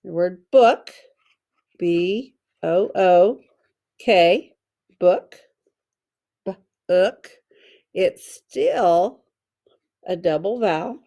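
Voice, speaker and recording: A woman teacher giving a slow, careful phonics lesson for children, sounding out letters and syllables one by one. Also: fairly low pitch, animated, creaky, mellow.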